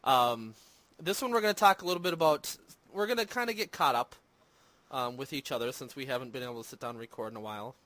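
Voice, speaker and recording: A man's voice: mid-range voice, quick pace, fairly bright tone, no room sound. A man hosting a casual movie and games podcast, rambling and self-deprecating with lots of fillers. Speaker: podcast host. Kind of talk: casual chat. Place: home in Minnesota.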